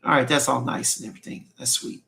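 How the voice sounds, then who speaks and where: A man's voice: mid-range voice, little pitch movement, fast talker, vocal fry, sharp tone. A man hosting a casual fragrance livestream, reading viewer comments aloud in a laid-back, slangy way and repeating his phrases. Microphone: streaming mic.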